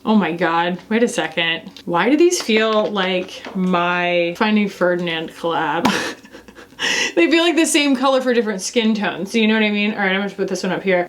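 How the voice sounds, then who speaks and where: A woman, chatting casually and excitedly as she reviews makeup, gushing and gasping often. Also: mid-range voice, a little hiss or hum. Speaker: beauty reviewer.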